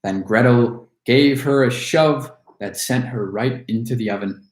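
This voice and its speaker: A man reading a fairy tale aloud as a storyteller, in an expressive way. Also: mid-range voice, unhurried. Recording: roomy echo.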